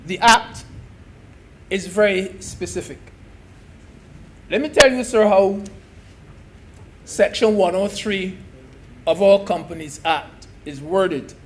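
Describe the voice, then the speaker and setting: High-voiced, slow senator. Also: male voice. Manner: emphatic, repeats key phrases, addresses the chair as sir. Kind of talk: parliamentary debate speech.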